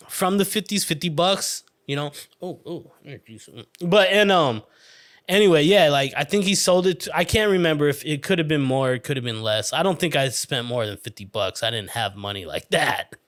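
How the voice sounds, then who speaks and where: A man hosting a podcast, telling a childhood story in a rambling, profane, animated way. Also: on the high side. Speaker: podcast host. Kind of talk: casual storytelling monologue.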